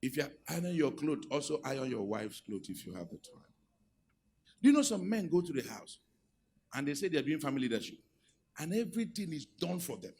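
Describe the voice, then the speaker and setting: A middle-aged Nigerian man preaching a sermon, moving from quiet asides to loud, rousing exhortation. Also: fairly high pitch, sing-song, brisk, slightly rough. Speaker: pastor. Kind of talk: sermon on marriage and leadership.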